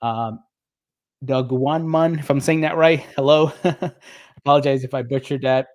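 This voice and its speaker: A middle-aged man with a New Jersey accent talks in a relaxed, upbeat livestream manner, greeting viewers and chatting with plenty of ums. His pitch sits in a typical male middle range. The sound is dry and close, with no room echo. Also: moderate pace. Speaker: crypto livestream host. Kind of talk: casual livestream chat reading viewer comments.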